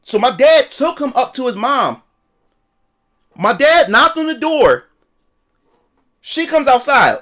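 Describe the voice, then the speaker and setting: A man's voice: extremely high pitch, big pitch swings, slow pace, pauses often, a bit bright. A man telling a story in a casual livestream rant, profane and repetitive. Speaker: streamer.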